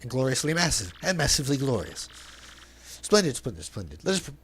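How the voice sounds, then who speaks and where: A man's voice: medium pitch, big pitch swings, a little fast, a bit bright, slight background noise. A man voicing a flamboyant, pompous male trader and sailor in a video game dub, with grandiose, overly formal phrasing. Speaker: let's play dubber.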